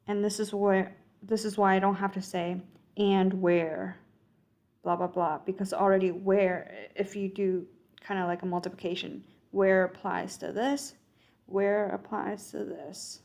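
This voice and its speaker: This woman's voice is medium in pitch with a darkish tone. She's a coding tutor recording her screen as she reasons aloud through an exercise, catching her own errors and murmuring code while typing.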